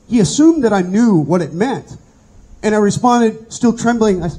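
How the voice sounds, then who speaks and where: Middle-aged man, high voice, Bible study teacher sharing his testimony, earnest storyteller. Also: lively intonation, moderate pace, dark tone, breathy edge, low-quality recording.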